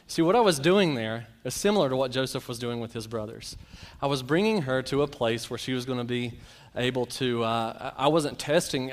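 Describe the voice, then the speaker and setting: A man preaching a sermon, telling Bible stories and a personal anecdote and acting out the quotes with lively shifts. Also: mid-range voice. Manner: storytelling, animated, acts out quotes.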